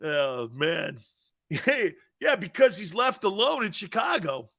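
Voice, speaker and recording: A man hosting a sports talk show, brash and loud, laughing a lot, swearing and answering chat comments. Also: sits high, very animated, takes it slowly, vocal fry. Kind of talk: casual sports radio chat.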